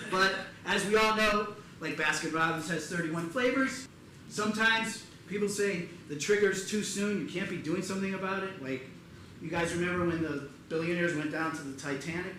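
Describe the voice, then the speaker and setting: A middle-aged man performing live stand-up comedy in a theater, telling animated stories and acting out the people in them. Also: high voice, moderate pace, recorded from a distance. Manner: animated storytelling, acts out his mother and joke characters. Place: theater stage before a live audience. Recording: roomy theater sound with audience noise.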